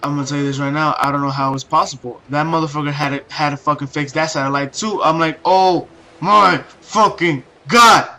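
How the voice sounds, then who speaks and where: A man's voice: fairly high pitch, little pitch movement, quick pace, hardly any pauses, pushed and bright. A young man of Mexican heritage telling a rambling, profane story, with many restarts and fillers. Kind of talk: casual rant-style story.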